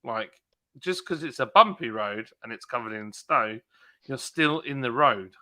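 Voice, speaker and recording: A man hosting a live stream, chatting casually and telling stories in an animated way, acting out his own shouting. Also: mid-range voice, measured pace. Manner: animated storyteller, acts out shouting. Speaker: streamer host. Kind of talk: casual chat.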